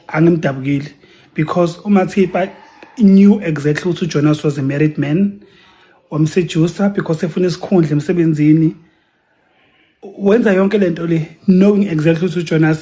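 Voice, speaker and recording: A man's voice: on the high side, dark tone. A man, a Zulu speaker, commenting casually and switching between Zulu and English. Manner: mixes Zulu and English mid-sentence.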